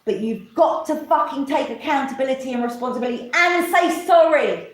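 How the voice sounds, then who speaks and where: A woman's voice: sits high, lively intonation, a little fast. A woman ranting on a live stream, rambling, swearing often and mocking others in put-on voices. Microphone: camera mic. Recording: echoey room.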